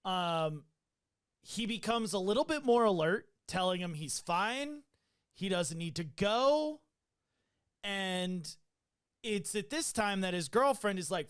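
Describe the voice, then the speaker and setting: A man's voice: high-pitched, lively intonation, slow, a bit bright, clean tone. A man hosting a podcast, casually recounting a medical call in a loose, profane way with many fillers. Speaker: podcast host.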